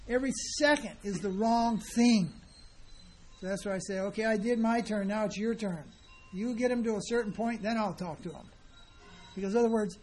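A spiritual teacher with a high, darkish voice delivers an informal sermon. His style is conversational yet emphatic, and he performs the voices of those he quotes.

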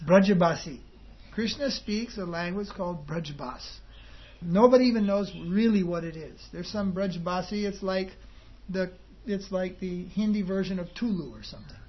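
A man giving an informal devotional talk to a group, rambling and conversational with chuckling asides. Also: high-pitched. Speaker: spiritual teacher. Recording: dull lo-fi recording with faint ambience.

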